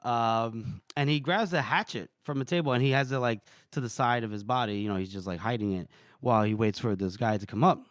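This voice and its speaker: A man co-hosting a podcast, casually retelling a book chapter with animated delivery, laughing and swearing. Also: medium pitch, a little fast, dry recording, clean studio sound. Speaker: podcast co-host.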